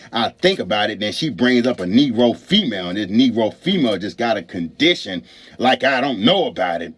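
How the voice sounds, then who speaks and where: A man's voice: lowish voice, big pitch swings, brisk, slightly rough. Ranting, stammering man. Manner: repetitive, stammering, angry. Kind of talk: profane ranting monologue.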